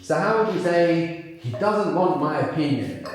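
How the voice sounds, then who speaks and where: A man leading a live workshop, prompting the audience with questions and explaining in quick bursts. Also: on the high side, expressive. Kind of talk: live classroom teaching. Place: large room with a live audience. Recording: very echoey room.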